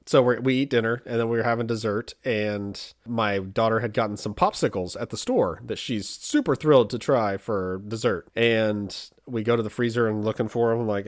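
A man telling a family story in casual chat, animated and acting out what people said, with a lot of restarts. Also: on the low side, moderate pace, few pauses, no room sound, studio quality. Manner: animated, acts out quoted voices, frequent restarts.

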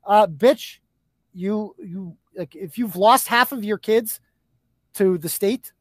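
A man's voice: sits high, takes it slowly, no echo. A man hosting a podcast, ranting in a profane, combative and mocking way. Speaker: host. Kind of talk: heated podcast rant.

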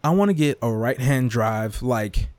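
Getting worked up, this young man's pitch leaps all over as he delivers an animated, profane, repetitive rant monologue on his podcast, swinging into mock whispers and impressions. He keeps a measured pace, and the audio is close and dry with no echo or room sound.

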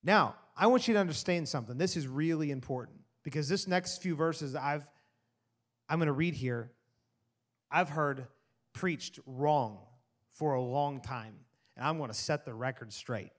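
High-voiced man preaching a sermon. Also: unhurried. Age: adult parent. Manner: animated preaching, rising and dropping to soft asides. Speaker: pastor.

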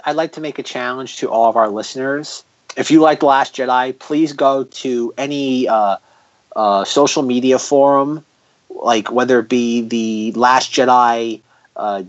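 A man's voice: medium pitch, dry recording, dull audio. A man hosting a podcast in casual chat, exclaiming and repeating himself as he talks. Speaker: podcast host.

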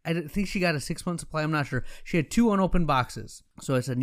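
Optometrist guy telling a story, chatty and frank, smooth clear voice a bit on the high side. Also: animated, fairly quick. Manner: conversational and frank, quoting himself and others as he tells the story. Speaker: optometrist and practice owner. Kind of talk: casual storytelling talk.

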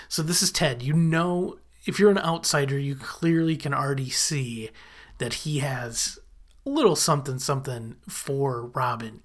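Casual recap narrator, chatty, animated retelling, quick quoted lines. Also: mid-range voice. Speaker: sitcom episode recapper.

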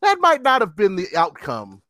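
A man in his fifties telling a story in casual chat, animated and profane, often laughing. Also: high-pitched, moderate pace, dry recording. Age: 50s.

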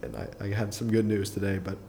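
Low, mellow-voiced young man telling a story. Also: steady tone, fast talker, gravelly, a little hiss or hum. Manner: rambling, filler-heavy, restarts often, chuckles through his story. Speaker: podcast guest. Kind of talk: casual personal storytelling in an interview.

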